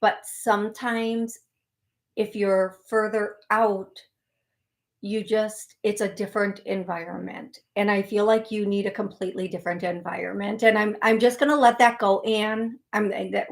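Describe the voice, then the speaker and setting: A woman psychic medium hosting a live call-in show, talking to callers and chat viewers in a rambling, folksy, reassuring way that often corrects itself mid-sentence. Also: mid-range voice. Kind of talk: live call-in reading, chatty address to viewers.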